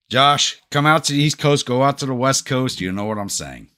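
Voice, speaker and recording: A man's voice: medium pitch, pushed and bright, smooth. A middle-aged man with a New York accent, chatting bluntly and profanely with his livestream viewers. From United States. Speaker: livestream gaming host. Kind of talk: casual chat with stream viewers.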